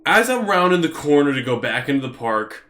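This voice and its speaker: A young man in casual storytelling mode, rambling and animated, full of fillers like "you know" and "like". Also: a little high, fairly quick. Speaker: vlogger.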